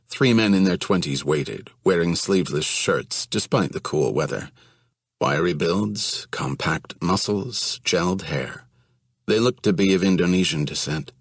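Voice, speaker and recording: Low husky male audiobook narrator. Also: no echo, clean studio sound.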